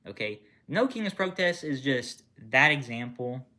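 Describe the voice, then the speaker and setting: A man angrily ranting to camera with lots of swearing, rambling and restarting, swinging from low mutters to loud outbursts. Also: animated, unhurried. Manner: angry, profane, rambling with restarts. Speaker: gaming channel creator. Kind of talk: unscripted political rant to camera.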